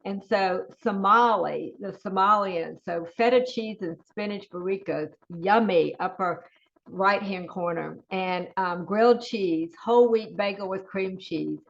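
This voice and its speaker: A woman's voice: mid-range voice, a little slow, gravelly, highs cut off. Enthusiastic Southern woman presenting a webinar. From Southern United States. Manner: enthusiastic, lists menu items, chatty asides. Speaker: webinar presenter, school nutrition.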